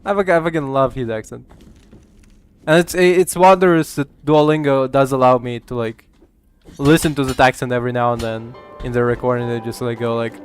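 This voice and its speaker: A man's voice: mid-range voice, fairly even intonation, fairly quick, soft background music. A man streaming a game, rambling casually with lots of swearing, laughter and filler words. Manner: rambling, profane, laughs a lot, many fillers. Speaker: gaming streamer. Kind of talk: casual gameplay commentary.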